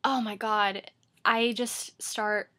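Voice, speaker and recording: A woman's voice: medium pitch, flat delivery, slow pace, bright, forceful tone. A woman book vlogger talking casually to camera from her bedroom, rambling and chatty, with lots of "like" and "um".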